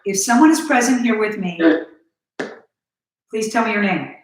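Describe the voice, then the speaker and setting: A woman's voice: medium pitch, animated, moderate pace, a little hiss or hum. A woman ghost hunter in a live stream, earnestly asking questions and talking straight to her viewers. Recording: very echoey, distant from the mic.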